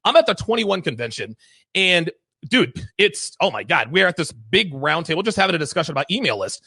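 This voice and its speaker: A man's voice: on the high side, very animated, a little fast, creaky, sharp tone, slightly rough, no room sound. A man hosting a talk show, telling stories in a blunt, emphatic, profane way. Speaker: podcast host. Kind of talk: casual chat.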